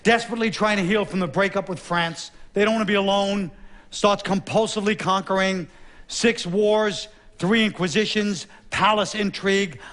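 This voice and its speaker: Wry, high-voiced man doing stand-up. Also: moderate pace, a bit bright. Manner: wry, sardonic, conversational. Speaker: stand-up comedian. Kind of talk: stand-up comedy routine. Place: stage before a laughing audience.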